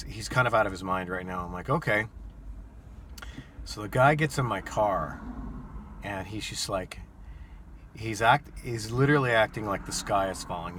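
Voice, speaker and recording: A man with a fairly low voice and a bright, forceful tone tells a story in a loose, rambling vlog style. He stumbles and repeats words and fills pauses with ums and uhs. A faint hum sits behind him. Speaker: rideshare driver and vlogger.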